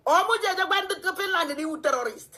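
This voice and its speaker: Nigerian woman commentator, high sharp voice, animated heated rant. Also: fast talker. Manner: animated, ranting, mixing languages. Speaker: online commentator.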